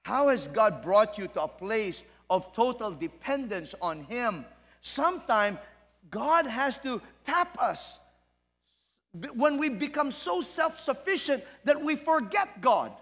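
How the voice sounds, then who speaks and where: High, creaky-voiced male pastor preaching. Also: sing-song, takes it slowly, a bit bright. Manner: earnest, emphatic preaching with questions to the congregation. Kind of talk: sermon. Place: church hall. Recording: long reverb in a church hall.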